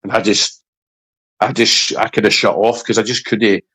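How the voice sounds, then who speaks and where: A middle-aged Scottish man, a former footballer, telling a story in casual interview chat, halting and repeating words as he gets emotional. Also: lowish voice, level tone, pushed and bright, breathy edge, poor audio. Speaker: former footballer, podcast guest.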